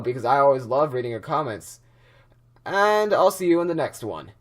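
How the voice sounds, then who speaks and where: A man's voice: medium pitch, big pitch swings, normal speed. A young man commentating a horror game he is playing, rambling with lots of fillers and restarts, easily startled. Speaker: gameplay commentator.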